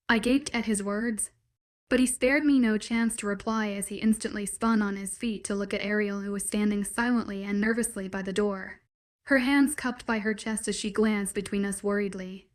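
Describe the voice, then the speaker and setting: A woman narrating a first-person romance story in an even, steady storytelling manner. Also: mid-range voice, moderate pace.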